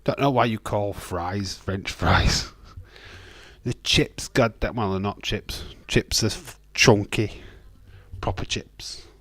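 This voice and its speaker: Slow-talking British man bantering. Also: fairly low pitch, no echo. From United Kingdom. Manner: joking, ranting banter with laughs. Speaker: livestream host. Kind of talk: casual chat answering live chat.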